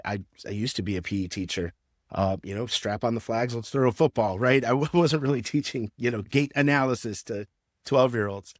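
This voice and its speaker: A man's voice: on the low side, dry recording, studio quality. A man who works as a strength and conditioning coach, explaining training in a casual podcast interview with lots of fillers.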